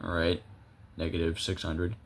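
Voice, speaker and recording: A young man talks casually over his gameplay, thinking aloud and amusing himself. He fills his speech with hesitations and restarts. His voice sits somewhat low. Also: flat delivery, moderate pace, slight background noise. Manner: chatty, self-amused, thinks aloud with many fillers. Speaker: gameplay video creator.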